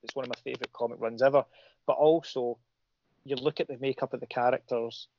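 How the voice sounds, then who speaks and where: A man's voice: mid-range voice, steady tone, fast, no echo. Rambling man, dull lo-fi audio. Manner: rambling, full of restarts and fillers. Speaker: comic creator. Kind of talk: casual chat.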